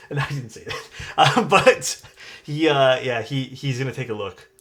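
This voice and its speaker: A man's voice: mid-range voice, measured pace, pushed and bright. A young man chatting loosely with viewers while building a keyboard on a live stream, rambling and swearing casually.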